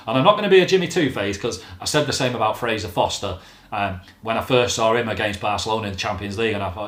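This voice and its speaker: A man's voice: on the low side, quick pace, a bit bright. Blunt, sweary man in an echoey room. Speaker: fan channel host. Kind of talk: casual football rant to camera.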